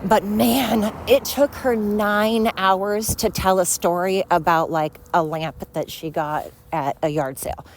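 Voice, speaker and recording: A woman's voice: mid-range voice, fairly even intonation, slow pace, few pauses, a little hiss or hum. A woman hosting a rambling solo podcast while walking outdoors, out of breath and talking in a scattered, chatty, self-deprecating way. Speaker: podcast host. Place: outdoors on a night walk by a road.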